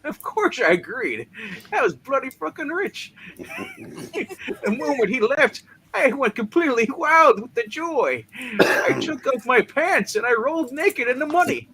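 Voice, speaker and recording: A man's voice: very high-pitched, big pitch swings, normal speed, pushed and bright, full character voice. A man voicing a brash young male scientist, boastful and crude, swearing as he tells his story, with faint noise behind.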